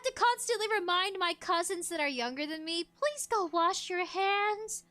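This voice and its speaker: Woman streamer with a high, sharp voice who giggles constantly in animated livestream chatter. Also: normal speed, hardly any pauses. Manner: giggly, animated, laughs often. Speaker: VTuber streamer. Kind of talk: casual livestream chat, reacting to a video.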